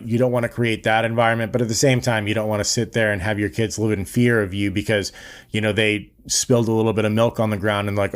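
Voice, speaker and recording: A young man with a fairly low voice talks straight to the listener in a casual podcast monologue. He is blunt and earnest and swears freely as he makes his point. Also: fairly even intonation, brisk, clear, resonant tone. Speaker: podcast host.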